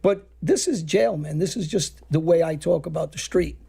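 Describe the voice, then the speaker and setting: Casting: middle-aged host, very gravelly and husky, dark tone, blunt street talker. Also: male voice, fairly high pitch, moderate pace. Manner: street talk, blunt and rambling. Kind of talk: casual interview chat.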